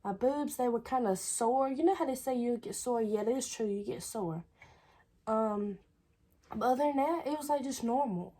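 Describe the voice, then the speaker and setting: Husky young woman telling a story. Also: fairly high pitch, normal speed, warm tone. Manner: chatty, repeats "I was like". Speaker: vlogger. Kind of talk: casual storytelling.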